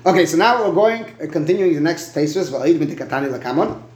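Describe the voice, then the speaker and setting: A man's voice: fairly high pitch, expressive, fast, roomy sound, slight background noise. A man teaching a Talmud lesson. He stops and starts, repeats words and often asks "right?".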